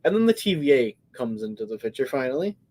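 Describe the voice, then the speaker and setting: A man co-hosting a live podcast in a casual movie review chat, retelling scenes with lively acted-out quotes. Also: mid-range voice, fast. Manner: animated storyteller, acts out scenes. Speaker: podcast co-host.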